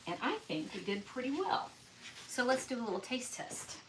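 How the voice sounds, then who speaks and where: A woman's voice: a little high, animated, normal speed, background noise. A woman, chatting casually while she cooks and tastes food in her home kitchen during a live stream. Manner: chatty, folksy, talks while tasting food. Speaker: home cook hosting a live cooking stream.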